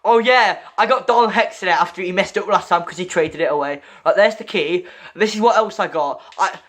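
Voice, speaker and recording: A man giving excitable gaming commentary while chatting with a friend, stammering and repeating himself. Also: high-pitched, a little fast. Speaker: gamer opening loot crates.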